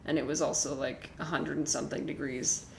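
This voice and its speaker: Casual woman streamer, talks in loose rambling bursts; low-pitched, recorded in an echoey room. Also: fairly even intonation, a little fast, creaky. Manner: chatty, rambling, many fillers and restarts. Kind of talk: casual chat with viewers. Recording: echoey room with faint noise.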